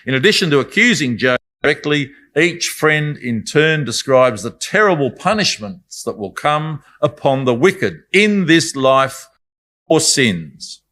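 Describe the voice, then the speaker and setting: A man's voice: on the high side, sing-song, measured pace, bright, forceful tone. A man giving a Bible study talk in a conversational, reflective way, with apologetic asides. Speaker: Bible speaker.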